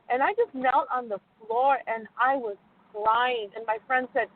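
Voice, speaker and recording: A woman's voice: fairly high pitch, fairly even intonation, normal speed. A woman telling her story as a guest in a casual, rambling way, laughing often. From United States. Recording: muffled phone line with faint noise.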